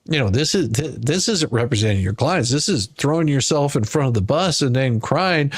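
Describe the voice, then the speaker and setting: A man's voice: medium pitch, lively intonation, normal speed, breathy edge, no echo. A man streaming sarcastic commentary on court filings, scoffing and mimicking whiny pleas. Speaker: YouTube legal commentary streamer.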